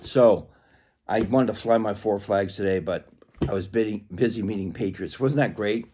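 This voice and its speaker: A man talking casually to camera in a rambling way, clearing a frog from his throat. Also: on the low side, normal speed, dark tone, slight background noise. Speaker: vlogger.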